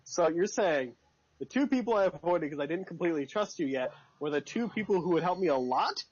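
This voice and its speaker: A man's voice: a little high, animated, fairly quick, a little mellow. A man playing a tabletop role-playing game, talking casually in a rambling, hesitant, jokey way. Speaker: player. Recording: lo-fi dull recording.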